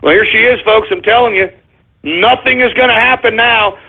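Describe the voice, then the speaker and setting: A combative male talk radio host delivers a profane, sarcastic political rant. His voice sits high for a man. The audio is narrow and phone-like, as if it came down a telephone line. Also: normal speed, vocal fry, slightly rough.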